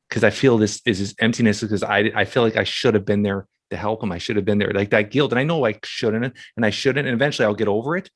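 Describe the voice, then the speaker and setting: A man hosting a podcast who speaks in a halting, emotional way, restarting often as he talks about family. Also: on the low side, no echo. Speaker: podcast host. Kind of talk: casual conversation.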